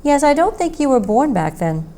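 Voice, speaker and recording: A woman's voice: high voice, very animated, moderate pace, dark tone, voice pushed up. A woman voicing a thin, talkative male roadside traveler with a thick accent. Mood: wistful. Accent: thick put-on accent. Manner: chatty, folksy storyteller.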